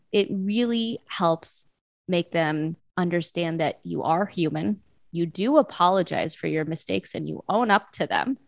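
A woman's voice: on the low side, vocal fry, dry recording. A woman, probably in her thirties, giving casual, earnest parenting advice in an interview, with frequent fillers and restarts. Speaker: parenting guest.

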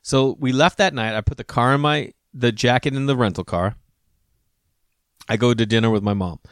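A man's voice: medium pitch, normal speed, clear, resonant tone, dry recording, clean studio sound. A man telling a rambling, profane story in a casual monologue and acting out the voices of the people in it.

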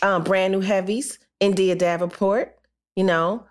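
A woman's voice: mid-range voice, fairly even intonation, unhurried. A woman hosting a podcast, gushing and playful in casual chat with a guest. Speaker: podcast host.

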